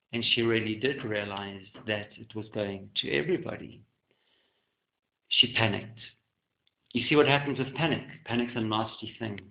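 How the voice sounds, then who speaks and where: A man from South Africa, an artist, talking to the camera in a theatrical, flamboyant way that swings between loud and soft. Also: medium pitch. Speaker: artist and muralist. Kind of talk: casual camera monologue. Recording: echoey room, dull lo-fi sound.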